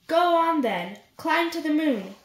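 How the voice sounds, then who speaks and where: A woman's voice: sits high, expressive, a little slow, voice pushed up. A woman voicing a teasing storybook animal that mocks a small mouse. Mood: mocking. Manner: scoffing, mocking. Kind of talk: storybook read-aloud. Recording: roomy echo.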